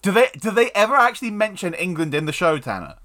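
A man co-hosting a casual chat, joking and animated, with quick quips. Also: high-pitched. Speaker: podcast co-host.

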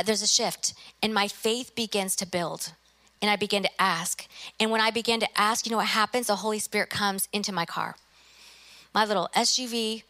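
Bright-voiced woman preaching a sermon. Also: mid-range voice. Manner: earnest, acts out her own prayers. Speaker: guest preacher, university president. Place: church sanctuary.

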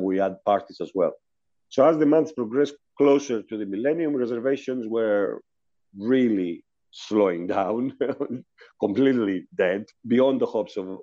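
A man recounts an old work story in a loose, chatty way, laughing now and then. His voice is mellow and relaxed. The call audio sounds dull and muffled. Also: mid-range voice. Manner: chatty, laughs between anecdotes. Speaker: hotel industry guest telling a story. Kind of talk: casual storytelling on a video call.

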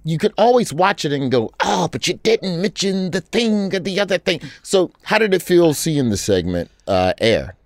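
A man's voice: mid-range voice, darkish tone, dry recording, clean studio sound. A man, a stand-up comedian, joking in a casual chat with a mock-offended, playful manner.

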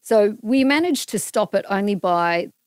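A middle-aged Australian woman speaks a little slowly in a smooth, medium-pitched voice, telling a personal story as a podcast guest. She acts out the dialogue with animation in the casual chat, and the clean studio sound has no echo.

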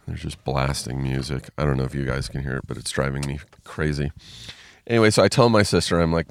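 A man's voice: extremely low pitch, brisk, creaky. A man casually telling a long, rambling personal story, full of fillers. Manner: rambling, filler-heavy retelling with many "like"s.

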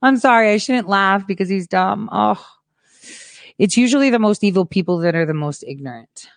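A woman's voice: medium pitch, normal speed, gravelly, dry recording. Blunt, swearing woman ranting. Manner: frustrated and blunt, swears freely; swings between hushed mutters and loud boasting. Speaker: host. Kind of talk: ranting monologue.

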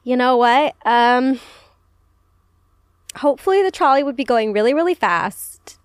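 A playful young woman co-hosting a casual podcast, her fairly high voice swinging up and down as she jokes and laughs. The sound is close and dry, with no room around it. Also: lively intonation, measured pace, clean tone, no room sound. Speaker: podcast co-host. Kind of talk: casual chat.

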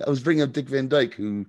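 A man co-hosting a casual podcast, retelling scenes in an animated way with laughs and quick impressions. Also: medium pitch. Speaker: podcast co-host. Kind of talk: casual recap chat.

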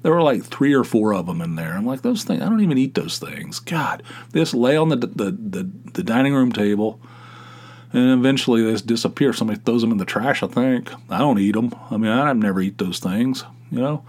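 A man's voice: medium pitch, brisk, a little mellow. A middle-aged man hosting a podcast, telling a casual rambling story with many restarts and exasperated asides. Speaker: podcast host. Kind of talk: casual monologue.

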